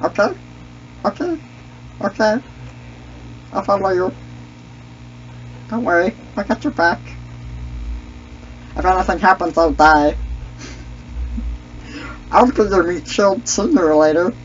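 Man doing a goofy alien sidekick, third-person talk, slow and bouncy, husky, lo-fi mic. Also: sits high, lively intonation, a little hiss or hum. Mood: eager. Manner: refers to himself in third person, brash trash talk. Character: goofy clumsy alien sidekick, male, excitable. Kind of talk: gaming commentary in a character voice. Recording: dull lo-fi mic.

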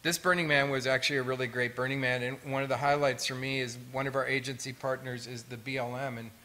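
Middle-aged american guy, bright punchy voice, telling funny stories at a talk. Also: medium pitch, fast. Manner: lively storytelling with humor. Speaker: fire artist and pyrotechnician. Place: museum auditorium.

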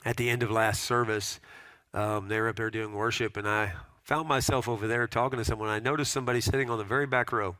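A man's voice: fairly low pitch, steady tone, fast talker, sharp tone, no echo. A pastor preaching a sermon to his congregation, telling stories and repeating pointed questions.

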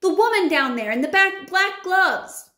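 A woman's voice: high-pitched, little pitch movement, moderate pace, warm tone, faint music behind, voice pushed up, close to an everyday voice. A woman voicing a frightened young boy in a read-aloud story. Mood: frightened, shouting. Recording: roomy echo.

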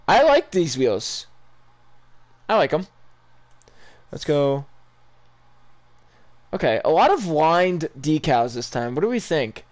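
A young man giving casual, rambling live reactions to video game items, excitable and full of ums. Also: on the high side. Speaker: gaming YouTuber.

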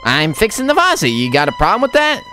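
A man voicing a pushy, creepy middle-aged male landlord in a game, with a nasal, high-pitched voice and a folksy, territorial way of talking. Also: huge pitch swings, fast talker, sharp tone, soft background music, exaggerated voice. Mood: defensive.

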